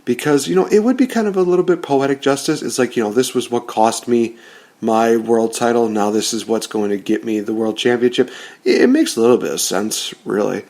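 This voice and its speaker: A man's voice: medium pitch, a little fast, a little mellow. A man giving casual, rambling commentary on rebooking wrestling storylines, often correcting himself.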